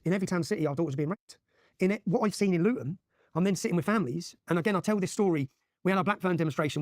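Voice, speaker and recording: A man in his forties with an English accent, pouring out his account at a breakneck pace. His voice sits somewhat high for a man and stays emphatic throughout, with frequent "yeah?" tags. The sound is close and dry. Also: a little mellow, no echo. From England. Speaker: interview guest. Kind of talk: impassioned storytelling in a podcast interview.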